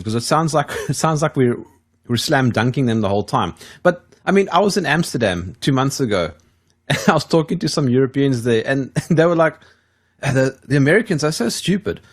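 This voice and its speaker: Lively, chuckling man hosting a podcast. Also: mid-range voice, husky. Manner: chuckling, halting, repeats words. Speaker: podcast host. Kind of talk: casual podcast conversation.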